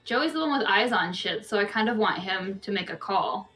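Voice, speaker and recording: A woman player in an online tabletop game, planning cautiously and quickly in casual chat. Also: mid-range voice, lively intonation, a bit bright, soft background music.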